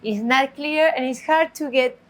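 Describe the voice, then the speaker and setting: High-voiced woman teaching a dance class. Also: a bit bright. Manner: counts steps aloud slowly; gives careful instructive warnings. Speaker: tango teacher. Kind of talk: dance lesson instruction.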